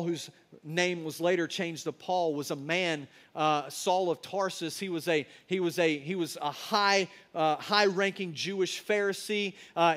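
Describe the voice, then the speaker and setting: A man's voice: high-pitched, fairly bright tone. A man preaching a sermon in a colloquial, emphatic storytelling manner.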